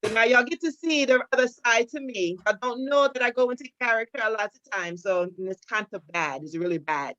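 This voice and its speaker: A woman's voice: a little high, fairly quick, few pauses, fairly bright tone, no echo, highs cut off. A woman hosting an online event in a chatty, playful way, full of "like" and restarts, over a video call. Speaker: event host.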